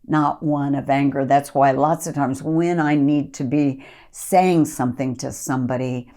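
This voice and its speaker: A woman's voice: a bass voice, steady tone, unhurried, warm tone. A woman ministry leader giving an earnest podcast teaching talk, reading scripture aloud and coaching listeners.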